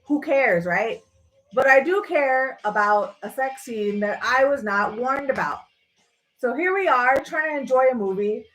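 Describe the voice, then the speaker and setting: Woman host, fairly high voice, animated sarcastic rant, faint music behind. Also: rough recording. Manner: animated, sarcastic, swears freely. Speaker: livestream host. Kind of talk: casual rant.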